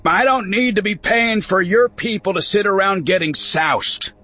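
A man voicing a gruff, stubborn seventy-five-year-old rancher with a gravelly voice, curt and dismissive in a spoken story. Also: high-pitched, moderate pace, sharp tone, pitched above the performer's own voice.

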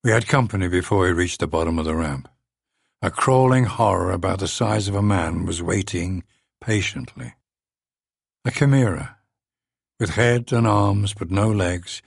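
A man giving a measured, dry first-person audiobook narration into a close studio mic. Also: low voice, creaky, breathy edge, no room sound.

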